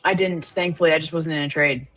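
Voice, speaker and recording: Young female co-host, casual and talkative, lower-leaning voice, music bed behind. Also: fairly even intonation, fairly bright tone. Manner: chatty, quick questions, filler-heavy. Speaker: co-host of a live trading stream. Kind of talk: casual chat.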